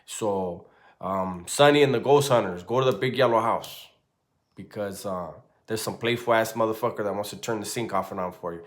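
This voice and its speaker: A man's voice: on the low side, normal speed. Loose-talking man in his forties telling a story. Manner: loose, profane and animated, lots of "right?" asides. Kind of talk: casual spoken storytelling.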